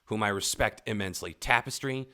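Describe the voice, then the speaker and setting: A man's voice: fairly low pitch, fairly quick, sharp tone. A man co-hosting a casual album review podcast, ranting with profanity and sarcasm, with theatrical emphasis. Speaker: podcast co-host.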